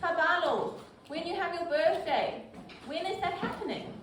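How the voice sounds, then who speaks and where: High-voiced teacher in echoey classroom. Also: female voice, lively intonation, moderate pace. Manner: patient, prompting pupils by name. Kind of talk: classroom lesson. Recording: echoey classroom from far off, noisy.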